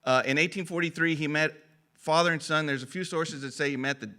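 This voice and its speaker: Guy chatting through a history talk, folksy and jokey, bright clear voice, lots of uh and um. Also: a little high, steady tone, brisk. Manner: chatty, folksy, self-deprecating, with fillers. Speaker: conference speaker. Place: conference hall.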